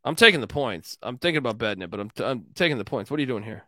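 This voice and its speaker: A man's voice: mid-range voice, lively intonation, racing, bright, forceful tone, dry recording, clean studio sound. A man hosting a casual sports betting show, loose and joking, swearing and laughing as he gives his picks. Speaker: sports betting podcast host.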